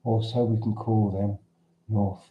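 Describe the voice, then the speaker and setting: A man's voice: on the low side, little pitch movement, unhurried, narrow, tinny audio. A man with a Cockney accent, originally from London, hosting a casual livestream and answering viewers' questions in a rambling, conversational way. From London, England. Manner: rambling and conversational, frequent restarts. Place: at home in central Portugal. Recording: roomy echo.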